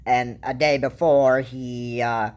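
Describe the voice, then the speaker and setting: A woman talks through political views in a loose, casual commentary. Her voice sits low and she takes her time, and her thoughts wander and halt, with frequent restarts along the way. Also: steady tone, darkish tone. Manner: rambling, halting, with frequent restarts and fillers. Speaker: vlogger.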